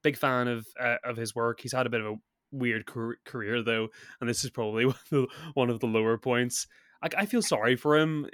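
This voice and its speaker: A man's voice: medium pitch, steady tone, brisk, fairly bright tone, dry recording, clean studio sound. A man co-hosting a podcast, chatting casually about a film with frequent laughs and restarts, a bit sick. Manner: rambling, laughs often, many restarts. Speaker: podcast co-host. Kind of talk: casual film review chat.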